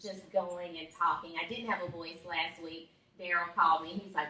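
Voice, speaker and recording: A woman giving a campaign speech, warm and emotional, often laughing. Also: lowish voice, steady tone, brisk, a little hiss or hum. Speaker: political candidate. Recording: echoey room from far off.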